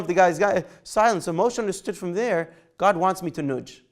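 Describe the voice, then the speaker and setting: Male rabbi, a bit higher pitched, conversational lesson style with lots of back and forth with the class. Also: animated, brisk. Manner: conversational, takes questions by name, asks "right?". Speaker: rabbi teaching a Torah class. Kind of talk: informal Torah lesson.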